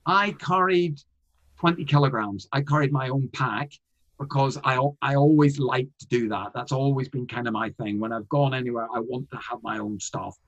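A man's voice: mid-range voice, normal speed, muffled recording. A man, a comedian, telling a story in a casual interview, rambling with frequent restarts and fillers. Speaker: guest, comedian.

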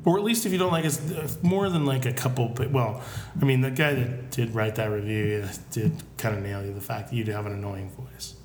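A man chatting casually on a podcast, trading dry, deadpan jokes with his co-host. His voice sits mid-range. The room is echoey, with a faint low rumble behind him. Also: brisk. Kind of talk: casual chat.

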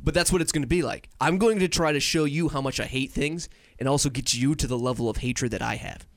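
A man's voice: mid-range voice, fast, no room sound, clean studio sound. A young man co-hosting a casual podcast on a headset, upbeat and joking, rambling with restarts. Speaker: podcast co-host.

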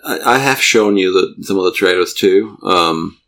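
A man's voice: low voice, normal speed, fairly bright tone. A man from Germany with a German accent, hosting a casual podcast chat and telling rambling stories in a stop-start way. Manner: rambling, stop-start storytelling with frequent laughs. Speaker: podcast host.

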